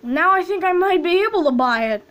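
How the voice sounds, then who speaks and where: A woman casually commenting as she opens loot boxes in a video game, excitable and quick to chant names and squeal over items. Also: extremely high pitch, low-quality recording. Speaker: gaming video host.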